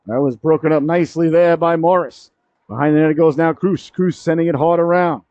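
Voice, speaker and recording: Guy calling hockey play by play, kinda high voice, jokey asides, yells when they score, dry dull lo-fi sound. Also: fairly even intonation, fairly quick, no room sound. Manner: jokey asides, rises sharply to shouts on goals. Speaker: play-by-play commentator. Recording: dry, dull lo-fi broadcast audio.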